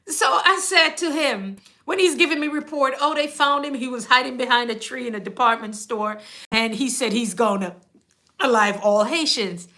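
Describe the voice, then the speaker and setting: Jamaican nurse host, middle-aged woman, bright tense tone, slightly high, chatty storyteller who laughs a lot. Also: moderate pace. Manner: chatty, laughs often, quotes people. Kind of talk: casual storytelling monologue.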